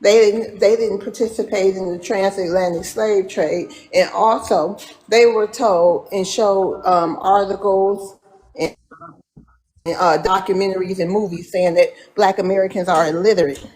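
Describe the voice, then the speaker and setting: A woman moderating a live online panel debate, briskly handing the floor to speakers. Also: mid-range voice, fairly even intonation, a little mellow, poor audio.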